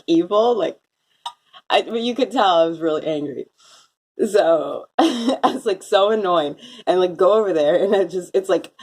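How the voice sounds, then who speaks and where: A young woman telling a rambling story in a casual vlog, full of "like" fillers and quick laughing asides. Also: fairly low pitch, a little mellow, husky. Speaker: vlogger. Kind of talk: casual chat, recounting a dream. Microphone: phone.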